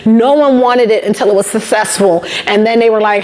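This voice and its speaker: Woman, 50s, guest speaker, motivational talk, animated storytelling, emphatic repetition. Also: on the high side, fairly quick. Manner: animated storyteller, acts out quoted dialogue.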